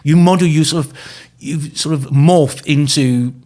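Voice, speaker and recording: A man's voice: on the high side, unhurried, warm tone. Easygoing man running a quiz. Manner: easygoing, explains the game rules, teasing. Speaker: podcast co-host. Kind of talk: casual chat, running a quiz game.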